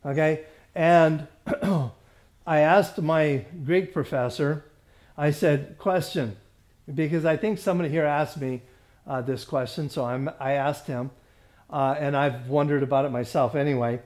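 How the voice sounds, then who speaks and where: A man teaching a Bible study class, who stumbles over his words, repeats himself and often clears his throat, reading scripture slowly. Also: fairly high pitch, darkish tone.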